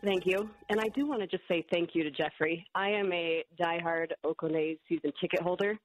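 A woman's voice: lowish voice, brisk. A woman calling a sports radio show from California, eager to share her idea. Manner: eager, enthusiastic fan. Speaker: caller. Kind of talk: phone-in call to sports radio. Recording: dull lo-fi phone line.

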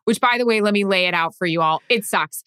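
Woman cohost, chatty storyteller, bright voice, swears a lot. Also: mid-range voice, fast talker, clean tone, dry recording, studio quality. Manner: animated storyteller, swears freely. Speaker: podcast co-host. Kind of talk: casual chat.

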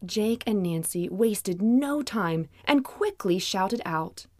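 A woman hosting a children's Bible story podcast, narrating with clear, gentle, expressive delivery. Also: mid-range voice, slow, no echo, studio quality. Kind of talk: warm scripted narration for children.

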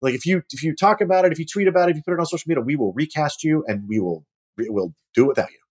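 A middle-aged man telling lively anecdotes as a guest on a casual chat show, acting out quotes and restarting his sentences often. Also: a little high, racing, slightly rough. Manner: animated, acts out quotes, frequent restarts. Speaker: podcast guest, actor.

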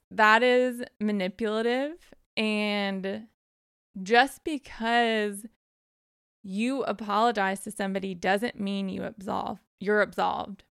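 A woman's voice: medium pitch, fairly bright tone, clear, resonant tone, dry recording, clean studio sound. A woman giving casual, direct advice and counting off numbered points in a frank way.

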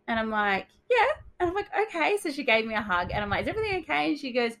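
A young adult woman co-hosting a casual podcast, telling a story with lively quoted dialogue. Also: fairly high pitch, fast talker, hardly any pauses, low-quality recording. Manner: animated storytelling, acts out quotes. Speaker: dental hygienist podcast co-host. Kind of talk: casual chat.

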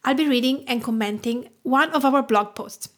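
A woman's voice: sits high, moderate pace. A woman from Tuscany with an Italian accent, hosting her cooking podcast in a scripted, grateful tone. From Tuscany, Italy. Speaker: podcast host, food writer.

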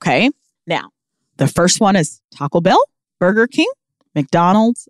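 A woman co-hosting a podcast in casual chat, animated and jokey, sometimes dropping into mutters and whispers. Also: fairly low pitch, measured pace, pauses often, no echo, studio quality. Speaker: podcast co-host. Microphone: studio microphone.

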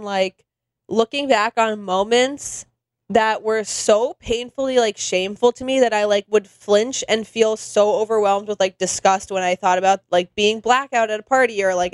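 A woman co-hosting a chatty podcast, retelling scenes in an animated way and peppering her talk with "like.". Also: fairly high pitch, no echo. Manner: animated storyteller, heavy use of "like". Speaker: podcast co-host. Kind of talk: casual chat, animated retelling.

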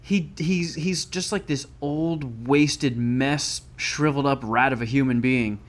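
A man's voice: medium pitch, unhurried. Profane sarcastic man telling a story. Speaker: podcast guest telling a story. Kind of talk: casual crude chat.

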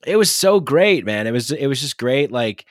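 A man chatting casually on a podcast as a guest, playful and quick to slip into impressions. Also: medium pitch, very animated, dry recording, studio quality. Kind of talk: casual chat.

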